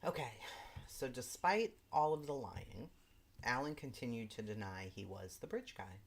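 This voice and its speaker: A woman with a rumbling low, gravelly voice hosts a live stream, reading from a legal brief at normal speed. Her delivery is animated, punctuated by exasperated asides of disbelief.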